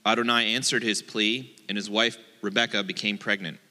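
A man's voice: fairly low pitch, flat delivery, brisk, pushed and bright, long reverb tail. A man, a rabbi, giving a playful, joking sermon and acting out the voices in his quotes.

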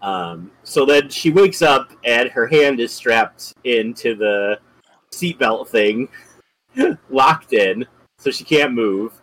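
A man's voice: medium pitch, expressive, slow, a bit bright, no room sound, rough recording. A man on a podcast, casually retelling a film's scenes and laughing often as he talks. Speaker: podcast co-host. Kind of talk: casual movie discussion.

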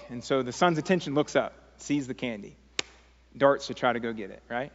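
A man preaching to his congregation in an earnest, pleading way, with stray fillers when he tells a story. His voice sits at an ordinary pitch and rings out with a long reverb in the church sanctuary. The recording sounds a little muffled. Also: moderate pace, pauses often. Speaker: pastor. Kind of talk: sermon.

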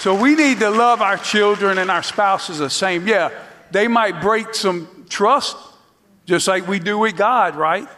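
A man speaking as a guest on a church panel, easygoing and unhurried. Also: high-pitched, bright, forceful tone. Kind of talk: casual church panel talk.

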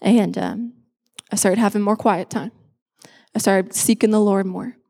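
A woman's voice: mid-range voice, fairly even intonation, unhurried, warm tone. A woman in her twenties, a pastor giving a personal testimony sermon on a church stage, speaking emphatically and repeating phrases for effect. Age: 20s. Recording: echoey hall with long reverb.

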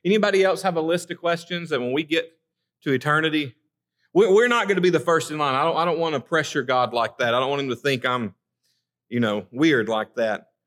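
A man's voice: on the high side, fairly quick, a bit bright. Earnest man preaching a sermon. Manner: earnest, repeats words when starting sentences. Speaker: pastor. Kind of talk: conversational sermon with scripture reading. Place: church.

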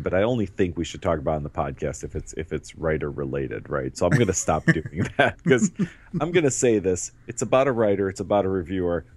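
Podcast co-host, male, very deep and dry, irreverent and quick to laugh. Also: darkish tone, no room sound. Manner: laughs often, swears freely, riffs. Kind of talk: casual podcast chat.

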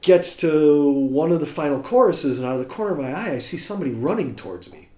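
With a slightly high voice and a quick pace, this American guest musician spins a casual story, playfully performing the lines of everyone he quotes. Roomy echo fills the recording.

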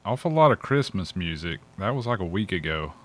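A man's voice: low-pitched, sing-song, brisk, fairly bright tone. A man co-hosting a podcast, making dry, wry remarks in casual banter. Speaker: podcast co-host.

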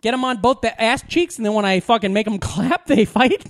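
High-voiced rambling podcast host, man. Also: brisk, dry recording. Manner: rambling, profane, laughs at own jokes. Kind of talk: casual chat.

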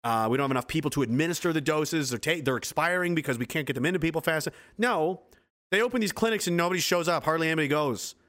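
A man's voice: fairly high pitch, very fast, a bit bright. A man in his twenties hosting a livestream, delivering an angry, profane, sarcastic political rant. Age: 20s. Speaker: livestream host.

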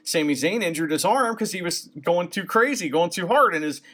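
A man co-hosting a casual podcast, talking in a relaxed way with some swearing. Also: high-pitched, brisk. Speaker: podcast co-host. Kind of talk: casual wrestling chat.

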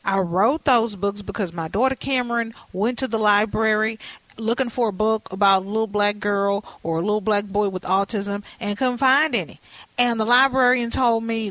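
A woman hosting a talk show, chatting in a lively, candid way with folksy asides. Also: mid-range voice, normal speed, no room sound, poor audio. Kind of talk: casual talk show chat.

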